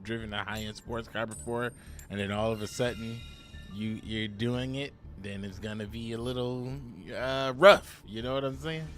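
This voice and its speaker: A man's voice: fairly low pitch, a bit bright. A man giving casual, hyped-up commentary on a card game, full of slang and repeating "my boy". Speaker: gaming YouTuber.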